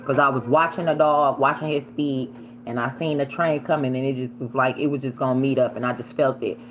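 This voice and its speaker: A woman casually telling a story while she eats on camera, animated and swearing freely, sometimes shrieking the words she yelled. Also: a bass voice, brisk, dull audio, a little hiss or hum. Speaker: vlogger.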